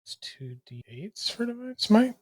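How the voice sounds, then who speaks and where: A man's voice: sits high, sing-song, unhurried, a little mellow. Eager man talking through his turn. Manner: checks the rules, eager to attack. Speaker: player. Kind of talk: tabletop game play, casual chat.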